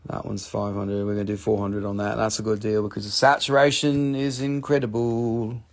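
Gravelly-voiced chatty rock seller. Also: male voice, on the low side, level tone, moderate pace. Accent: mid-Atlantic American. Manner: chatty, upbeat salesman patter, repeats words. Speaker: live stream rock and mineral seller. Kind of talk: casual live sales stream. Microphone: phone held in hand.

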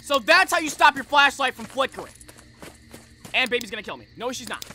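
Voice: high voice, animated, fairly quick, sharp tone, a little hiss or hum. A gamer doing let's play commentary on a horror game, panicky, repeating phrases and yelping at the screen.

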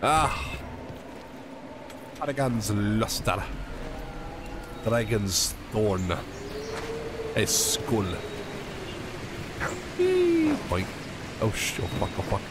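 A man's voice: lowish voice, huge pitch swings, drawn-out words, pauses often, background noise. A man giving casual let's-play commentary, rambling, swearing freely and talking to himself and the game characters. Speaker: gamer playing a video game.

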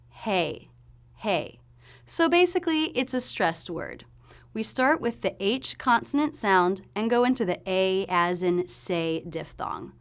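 A woman giving a pronunciation lesson, explaining sounds clearly and demonstrating them slowly. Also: medium pitch. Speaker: pronunciation teacher.

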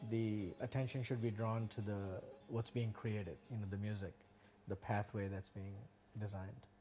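Low mellow guy musing about music, lots of ums, soft guitar behind. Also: little pitch movement, normal speed. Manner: thoughtful, hesitant with many fillers. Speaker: guitarist and teacher. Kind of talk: interview answers.

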